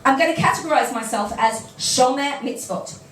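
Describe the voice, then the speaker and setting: British woman, high voice, wry self-mocking comic reader; captured from a distance in an echoey room with noise behind. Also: normal speed. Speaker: reader at a live reading evening. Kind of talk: reading a humorous first-person piece to an audience. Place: café event room. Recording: echoey room, mic far off, background noise.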